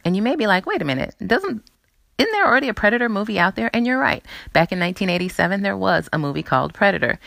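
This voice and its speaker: Chatty woman host, low and dry. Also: no room sound. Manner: chatty, animated storytelling with quoted voices. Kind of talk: casual chat and movie previews.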